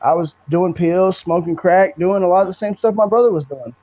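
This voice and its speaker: High-voiced man telling blunt stories. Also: fairly quick. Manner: earnest, blunt, rambling Southern storytelling. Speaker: guest, brother of the subject. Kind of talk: emotional storytelling in a podcast interview. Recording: dull lo-fi recording.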